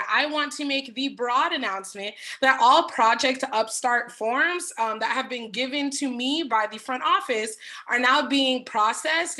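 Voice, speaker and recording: A woman's voice: on the high side, pushed and bright. A woman school social worker making friendly, explanatory announcements to families at a town hall, with frequent ums.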